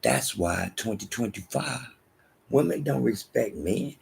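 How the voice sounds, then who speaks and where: Gravelly-voiced man in his sixties preaching. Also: lively intonation, measured pace, low-quality recording. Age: 60s. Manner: emphatic, repetitive, drops to low asides. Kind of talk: street-style Bible teaching sermon.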